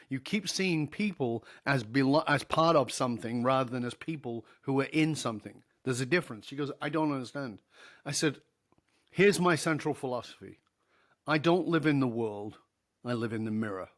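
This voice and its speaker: A middle-aged man, a leadership speaker telling a story as a podcast guest, acting out the dialogue and laughing along. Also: mid-range voice. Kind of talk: conversational storytelling.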